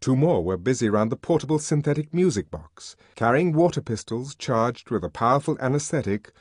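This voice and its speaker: A man narrating an audiobook with a dramatic, expressive reading. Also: medium pitch, a little fast, no room sound, studio quality. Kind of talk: scripted narration.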